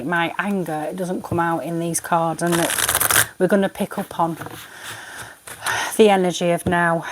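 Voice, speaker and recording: A woman's voice: on the low side, slight background noise. A woman, a tarot reader ranting in an exasperated, indignant vlog monologue.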